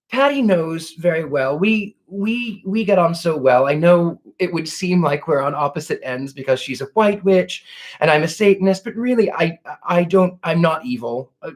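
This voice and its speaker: Guy psychic chatting on a livestream, soft gushy way of talking, voice sits kinda high. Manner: gentle and effusive, fond of 'lovely' and 'dear'. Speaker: psychic host. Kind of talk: casual livestream Q&A. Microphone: home livestream setup.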